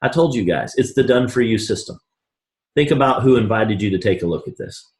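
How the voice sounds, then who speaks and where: Man, lower voice, hard-selling motivational pitch, echoey room. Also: animated, a little fast, darkish tone. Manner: folksy, pushy motivational patter. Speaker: presenter at a business opportunity event. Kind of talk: sales pitch presentation.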